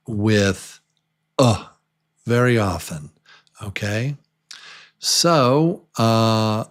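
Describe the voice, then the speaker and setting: A man teaching English pronunciation to beginners, patiently repeating each word many times for learners to copy. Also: mid-range voice. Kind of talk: slow beginner pronunciation lesson.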